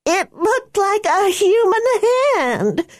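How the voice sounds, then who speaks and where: Woman voicing Delilah, a high, tearful, panicked girl. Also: very animated, slow, dry recording, clean studio sound, exaggerated voice. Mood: frightened. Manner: high trembling breathless pleading. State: crying. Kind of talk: audiobook character voice.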